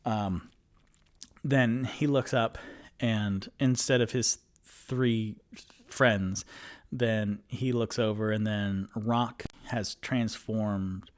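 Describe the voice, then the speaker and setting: A man's voice: fairly low pitch, steady tone, extremely slow. A man narrating a solo tabletop game as game master, rambling and hesitant with many fillers.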